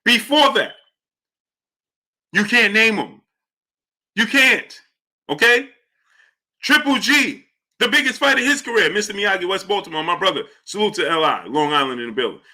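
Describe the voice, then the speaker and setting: A man's voice: high-pitched, very animated, moderate pace, long pauses, bright, forceful tone. A man hosting a live stream, talking casually and emphatically, repeating his points and greeting his viewers.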